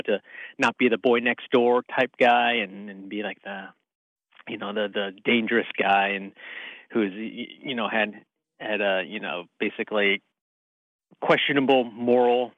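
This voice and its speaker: A man's voice: fairly low pitch, no room sound. A man being interviewed as a guest actor over the phone, telling a rambling story and laughing at himself. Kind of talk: casual interview chat. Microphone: phone call. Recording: dull lo-fi phone line.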